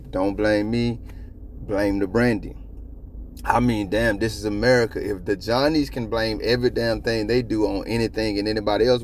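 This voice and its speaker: A man hosting a copwatch channel, giving casual commentary in a profane, animated, rambling way. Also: lowish voice, gravelly, a little hiss or hum. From South Florida.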